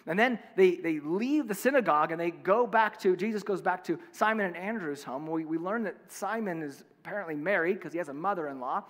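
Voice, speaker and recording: A man preaching a sermon in a relaxed, conversational way, full of fillers and restarts. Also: sits high, fairly quick, hardly any pauses, in a large hall. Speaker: pastor.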